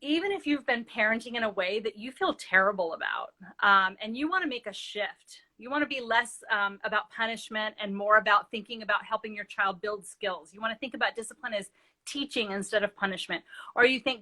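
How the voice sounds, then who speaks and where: A woman's voice: a little high, brisk, sharp tone. A middle-aged woman, a parenting expert, explaining earnestly in a live interview and telling stories with quoted dialogue.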